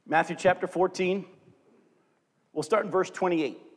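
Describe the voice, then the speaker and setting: A man's voice: sits high, unhurried. A man preaching a sermon to his congregation, reading scripture aloud and acting out the quotes with animation. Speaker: pastor. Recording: long hall reverb.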